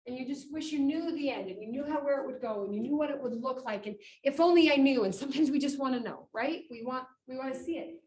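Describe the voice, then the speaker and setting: A woman giving an inspirational talk at a conference, animated and acting out quotes, in a meeting room with about twenty people. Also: high voice, quick pace, few pauses. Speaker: conference speaker. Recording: echoey room, mic far off, faint noise.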